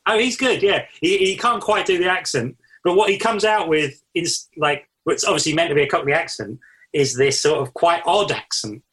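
A man co-hosting a podcast, talking in a relaxed, reflective way with many fillers. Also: on the high side, moderate pace. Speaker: podcast co-host. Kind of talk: casual chat.

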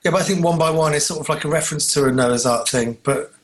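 A man chats casually as a podcast co-host. He tells rambling, jokey stories in a slightly high voice. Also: fast talker. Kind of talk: casual chat.

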